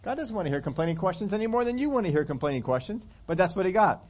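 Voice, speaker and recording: Man, preacher, sermon, fairly high voice, acts out whiny questions, slow emphatic points, muffled lo-fi sound. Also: animated. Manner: acts out whiny complaining questions, then drops low and emphatic. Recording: dull lo-fi sermon recording.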